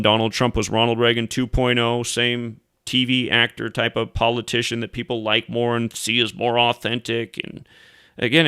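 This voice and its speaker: A man holds forth in a heated monologue, cursing and jeering at his listeners. His voice is smooth and full, heard close up with no room sound at all. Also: mid-range voice, pushed and bright, dry recording. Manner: profane, angry, mocking outbursts. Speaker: host. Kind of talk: ranting commentary monologue.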